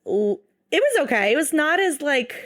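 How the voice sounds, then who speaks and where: A woman co-hosting a podcast in casual chat, playful and emphatic, quick to laugh. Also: high-pitched, very animated, a bit bright, no room sound, studio quality. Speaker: podcast co-host.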